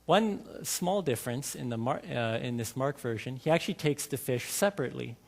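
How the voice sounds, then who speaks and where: A man with a mid-range, gravelly voice preaches to his congregation at a brisk, expressive clip, keeping it conversational and peppering them with questions. He's a lay preacher in a church sanctuary, and the recording carries the hall reverb of the church.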